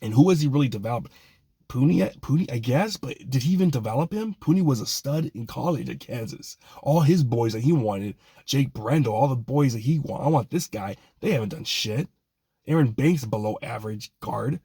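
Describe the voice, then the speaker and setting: A young man with a husky, slightly rough voice delivers a profane, exasperated sports rant. He keeps apologizing for his anger but can't stop venting. The sound is dry and close. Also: mid-range voice, expressive, a little fast, mellow, no room sound. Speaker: fan channel host.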